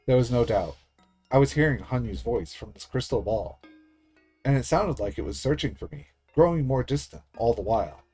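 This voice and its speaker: A man's voice: medium pitch, fairly quick, slightly rough, soft background music. A man streaming himself reading a visual novel aloud, narrating in first person. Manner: steady storytelling read-aloud.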